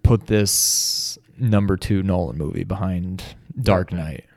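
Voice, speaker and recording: A man with a fairly low voice who talks in halting, searching phrases while he works toward his point. The sound is dry and close, with no room around it. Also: creaky, a little mellow, dry recording. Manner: hesitant, lots of fillers and restarts. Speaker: podcast co-host. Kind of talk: casual chat about movies.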